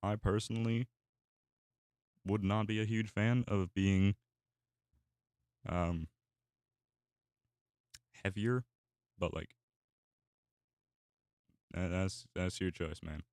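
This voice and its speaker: A man's voice: low voice, fairly even intonation, slow, pauses often, darkish tone, no echo, clean studio sound. A young man chatting casually while he draws, rambling with many fillers and restarts. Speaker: artist and YouTuber. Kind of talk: casual chat while drawing.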